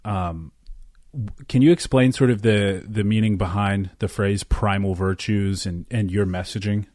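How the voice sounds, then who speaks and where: Man, podcast host, low voice, halting, dry close sound. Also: fairly even intonation, darkish tone, no echo. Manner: halting, searching for words. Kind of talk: interview questions.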